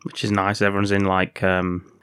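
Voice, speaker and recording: A man's voice: sits low, monotone, moderate pace, fairly bright tone, clean tone, no echo. A man co-hosting a podcast, recapping a film's plot with dry, wry remarks. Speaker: podcast co-host. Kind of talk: casual film-review chat.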